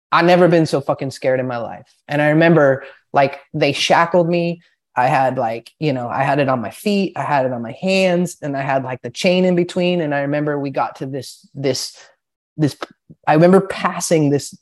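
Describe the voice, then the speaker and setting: A young man telling a long personal story in a casual podcast chat, rambling and profane, with lots of filler words. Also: medium pitch. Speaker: podcast guest.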